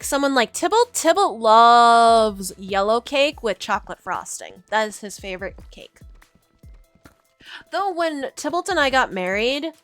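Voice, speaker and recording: A young woman streaming and chatting away to her viewers, her voice bright and a little high. She rambles and giggles, tripping over her own sentences, while soft music plays faintly behind her. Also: clear, resonant tone, no echo. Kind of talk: casual livestream chat with chat.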